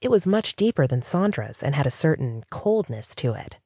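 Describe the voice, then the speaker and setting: A woman reading a romance audiobook as narrator, in a steady scripted style. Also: deep voice, moderate pace, husky, dry recording, clean studio sound.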